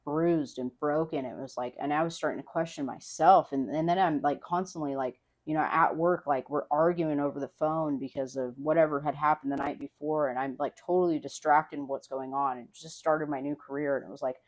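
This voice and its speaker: A young woman with a strikingly low voice speaks candidly as a guest on her husband's podcast. She rambles in loose, casual sentences peppered with "like" and offhand swearing, talking a bit quickly with few pauses in a relaxed, conversational tone.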